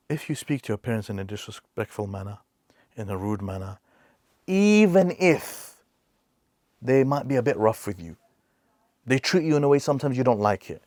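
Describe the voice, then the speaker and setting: A man's voice: mid-range voice, animated, moderate pace, long pauses, darkish tone, no room sound, studio quality. A man hosting a reaction video, giving earnest advice in an emphatic way and repeating key phrases for stress.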